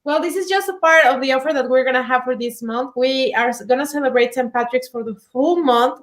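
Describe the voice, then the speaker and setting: A woman, a commercial director, chatting in a friendly way about restaurant offers and laughing easily. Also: on the high side. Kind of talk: casual promotional chat.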